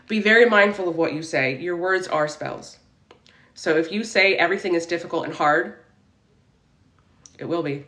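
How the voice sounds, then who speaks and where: Her voice is fairly low and fairly bright, moving at a moderate pace with long pauses, captured in an echoey room. She is a spiritual reader livestreaming casually from her room, reading out viewer comments with upbeat affirmation and a preachy focus on mindset.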